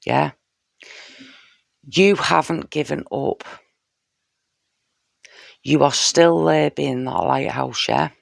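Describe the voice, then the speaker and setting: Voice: medium pitch, takes it slowly, creaky, long pauses, no echo, clean studio sound. A tarot reader giving a casual spoken reading straight to the viewer, heartfelt and intimate, often checking in with "you know" and "yeah?".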